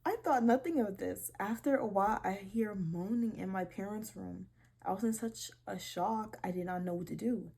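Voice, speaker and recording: A young woman hosting a casual vlog, reading posts aloud and reacting with animated disbelief and swearing. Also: mid-range voice, moderate pace, vocal fry, breathy edge. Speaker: video creator.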